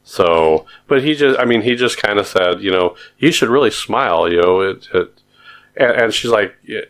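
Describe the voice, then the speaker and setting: A man's voice: fairly low pitch, moderate pace, a bit bright, clear, resonant tone. A man co-hosting a podcast, telling stories in a rambling, hesitant casual chat. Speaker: podcast co-host.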